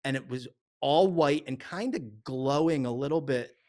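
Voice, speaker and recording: A middle-aged man on a podcast, telling a story in casual, profane, animated chat. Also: mid-range voice, moderate pace. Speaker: podcast co-host.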